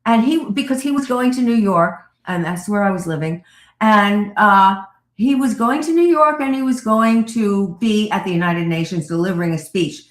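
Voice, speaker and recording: A woman therapist telling a lively personal story as a radio guest, acting out the voices of the people she quotes. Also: medium pitch, moderate pace, roomy sound. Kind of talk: animated storytelling in an interview.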